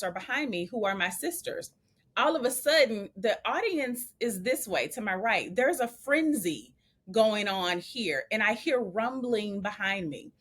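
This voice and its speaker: Lively, laughing woman telling a story. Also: a little high. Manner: animated, laughs often, chatty slang. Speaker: bride and co-host of a couple's channel. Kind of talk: casual storytelling chat.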